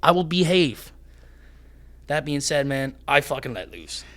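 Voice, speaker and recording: A young man who is a fighter, a guest on a podcast, telling stories in casual chat in an animated, rambling way. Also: fairly high pitch, unhurried.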